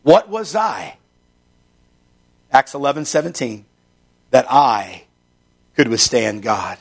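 A man preaching a sermon, reading Scripture slowly and building to emphatic, fervent passages. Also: mid-range voice, very animated, creaky. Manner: emphatic, rising into fervent stretches; reads Scripture aloud in slow measured delivery.

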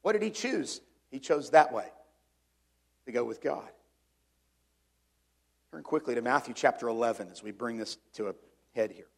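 A man preaching a sermon in an earnest way. He swings between emphatic rising points and quiet, reflective reading. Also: mid-range voice, normal speed, gravelly, pauses often. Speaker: pastor.

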